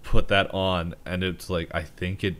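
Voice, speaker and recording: A man with a very deep voice co-hosting a casual podcast. He tells stories haltingly, pausing and restarting his sentences often. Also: level tone, fairly bright tone, clear, resonant tone. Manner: hesitant, halting storytelling with restarts. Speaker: podcast co-host. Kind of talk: casual chat.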